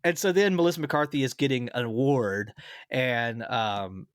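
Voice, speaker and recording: A man's voice: medium pitch, normal speed, clean tone, no room sound, clean studio sound. A man hosting a film podcast in casual chat, retelling movie scenes with animation and laughing often. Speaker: podcast host.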